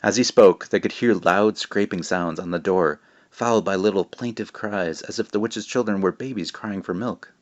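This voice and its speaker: A man, the author, reading his children's book aloud with lively narration. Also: sits low, normal speed, lo-fi sound.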